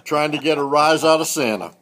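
A man's voice: a little high, brisk, a bit bright, natural voice. A man playing a jolly older Santa Claus, giving short, agreeable replies. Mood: genial.

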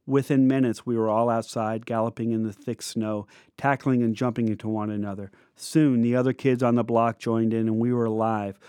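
A man in his fifties from the United States reading his own memoir aloud in a reflective, measured, descriptive way. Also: medium pitch, darkish tone, no room sound, studio quality. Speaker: memoir narrator.

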